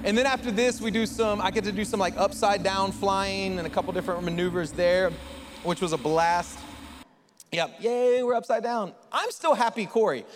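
A male pastor preaching a sermon with animated storytelling, speaking directly to his congregation in a church hall. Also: sits high, moderate pace, noisy background. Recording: long reverb in a hall.

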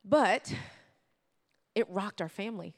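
Woman telling a story to a crowd, lively, talks right at you. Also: mid-range voice, slow pace. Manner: lively, acts out quotes, addresses listeners directly. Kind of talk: personal storytelling to an audience.

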